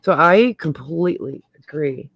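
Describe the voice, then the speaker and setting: A woman's voice: sits low, animated, a little slow, slight background noise. A middle-aged woman hosting a casual livestream chat, talking freely and laughing often. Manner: chatty, laughs often, trails off and restarts. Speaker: host.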